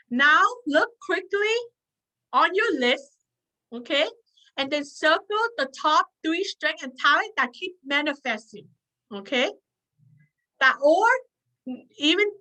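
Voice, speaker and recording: A woman's voice: high-pitched, bright, forceful tone, low-quality recording. A woman leading a self-help workshop, earnest and repetitive, often checking in with her listeners. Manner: earnest, repeats points, checks in with "okay?". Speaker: workshop leader.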